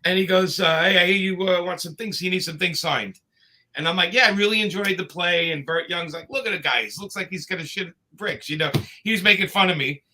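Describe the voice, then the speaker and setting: A man's voice: high voice, fairly quick, pushed and bright. A man telling long, rambling anecdotes in a casual chat, full of fillers and restarts. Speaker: comics creator telling stories.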